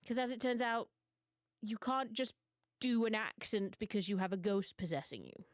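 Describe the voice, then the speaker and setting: A young woman from Britain telling absurd mock confessions to her stream audience in a deadpan, mock-serious way. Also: a little high, normal speed, dry recording. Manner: mock-serious storytelling, dry absurd humor. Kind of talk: deadpan comedic monologue.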